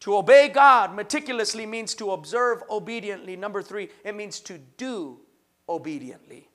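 A pastor preaching a sermon, his voice very high for a man. The tone is bright and forceful, and he drives his points through rhythmic repetition. At its peaks his delivery rises into full shouts. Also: lively intonation, normal speed. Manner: rhythmic repetition, call-and-response.

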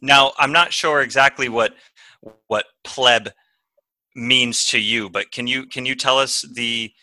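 A man co-hosting a podcast in a mock-formal news-anchor voice. His tone is very bright and forward at a middle pitch. It is recorded dry and close. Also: fairly even intonation, measured pace, dry recording. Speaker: podcast co-host.

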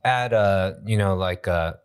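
A man co-hosting a podcast in casual chat, encouraging the guest and quick to agree. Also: low voice, clear, resonant tone. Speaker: podcast co-host.

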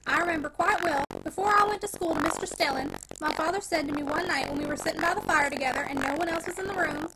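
A woman's voice: high-pitched, huge pitch swings, fast talker, hardly any pauses, full character voice. A woman voicing an earnest teenage boy trying to speak firmly. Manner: earnest, trying to sound firm. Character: boyish teen lad, earnest and firm. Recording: noisy home recording.

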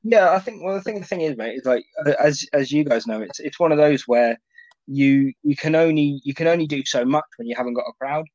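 A man's voice: on the high side, expressive, a little fast, a little mellow, no room sound. A man, a stand-up comedian chatting as a podcast guest, rambling with lots of restarts and swearing. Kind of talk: casual podcast chat. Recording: muffled dry lo-fi audio.

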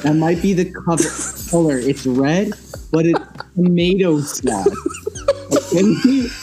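A man's voice: on the high side, lively intonation, slow pace, music in the background. A man co-hosting a podcast in casual chat, playful and mock-offended. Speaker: podcast co-host.

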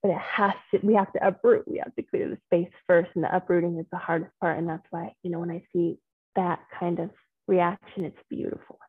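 A woman's voice: lowish voice, flat delivery, brisk, breathy edge, no room sound. A woman working as a transformational coach, talking a group through their feelings over a video call in an affirming, encouraging way and calling people pet names. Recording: phone-like video call audio.

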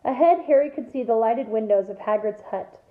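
A woman teacher reading a novel aloud to her class in a lively storytelling manner, in an echoey room heard over a thin, phone-like line. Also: fairly high pitch, normal speed.

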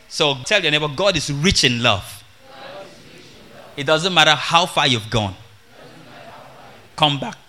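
A man preaching an animated, humorous sermon to a congregation. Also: on the high side. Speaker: evangelist.

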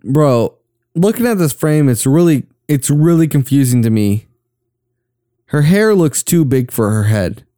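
A young man from the southern US trades jokes and quick reactions during a casual film watch-along. His voice is mellow and smooth. The sound is dry and close. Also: a little high, lively intonation, no echo.

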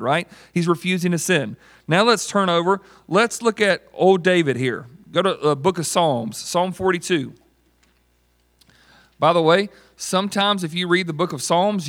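A man delivers a sermon in a relaxed, conversational way. His voice sits a little higher than most men's, and he acts out the people and prayers he quotes. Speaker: pastor.

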